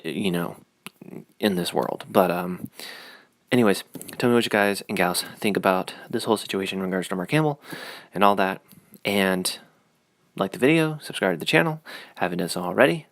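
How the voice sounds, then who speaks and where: A man's voice: sits low, creaky, fairly bright tone, no echo. A man rambling through a casual opinion vlog, full of fillers and sarcastic asides. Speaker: YouTube commentator.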